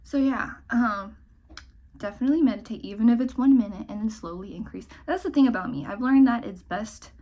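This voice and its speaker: A young woman chatting casually while doing her makeup in a get-ready-with-me vlog, rambling and self-mocking, swinging between bright remarks and muttered asides. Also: on the high side, a little fast, muffled recording, a little hiss or hum. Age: young adult. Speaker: vlogger.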